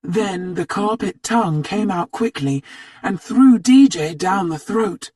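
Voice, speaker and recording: A narrator reading a spooky story aloud slowly for English learners, acting out the characters' lines. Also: medium pitch, slightly rough, dry recording, clean studio sound. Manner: animated read-aloud, acts out the characters' lines.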